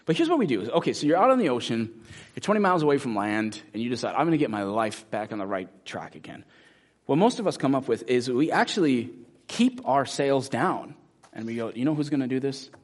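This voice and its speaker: Animated husky male preacher. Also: medium pitch, a little fast. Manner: animated, acts out inner voices with props. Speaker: pastor. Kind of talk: sermon.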